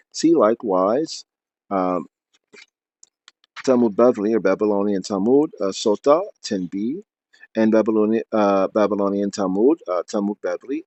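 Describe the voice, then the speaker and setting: A man's voice: on the low side, a little mellow, no echo. A man reading aloud from his book, then explaining at length off the cuff with many fillers and restarts.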